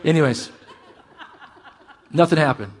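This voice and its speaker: A middle-aged male pastor delivers a lively sermon, rising to loud emphatic peaks and dropping to quieter asides. His voice sits a little high for a man. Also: measured pace.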